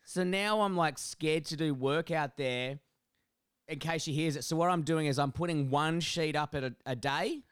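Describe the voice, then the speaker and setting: A man co-hosting a podcast, his voice pitched a bit high and smooth. He tells stories animatedly and swears freely. The sound is close and dry. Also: normal speed, a bit bright, no room sound. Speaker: podcast co-host. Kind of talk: casual podcast chat.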